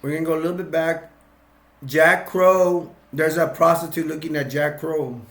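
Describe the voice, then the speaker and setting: A man's voice: on the high side, steady tone, moderate pace, a bit bright. A man casually recapping a film scene by scene, rambling, restarting his sentences and chuckling as he goes. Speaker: film reviewer. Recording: roomy echo.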